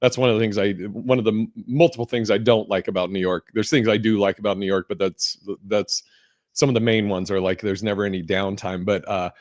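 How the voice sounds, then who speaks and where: A man's voice: fairly low pitch, steady tone, fairly quick, no room sound, studio quality. A man hosting a podcast in casual chat, rambling with lots of fillers and casual swearing. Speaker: podcast host.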